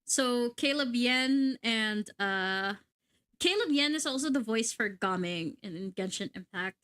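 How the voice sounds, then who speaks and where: Excitable high-voiced woman streamer. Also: measured pace, smooth. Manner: excitable and chatty, swears. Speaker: VTuber streamer. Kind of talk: casual game livestream chat.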